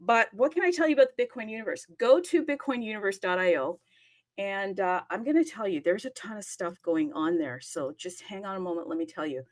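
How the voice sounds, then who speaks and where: A woman's voice: medium pitch, fairly quick. A woman hosting a live audio chat in a bubbly, rambling, chatty way. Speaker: host.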